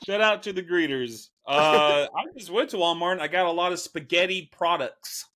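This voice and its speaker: A man co-hosting a fantasy football show, laid-back and quick to laugh. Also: on the high side, bright, forceful tone. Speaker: podcast co-host. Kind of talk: casual sports chat.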